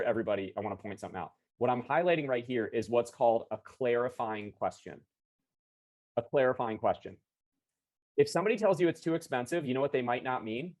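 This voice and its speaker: A man coaching salespeople over a video call, rattling along at a quick pace. His pitch sits mid-range for a man. He is chatty and upbeat, and he often stops to correct himself and restart. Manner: energetic, chatty, self-correcting. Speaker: sales trainer. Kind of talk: live online sales training. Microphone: video call computer mic.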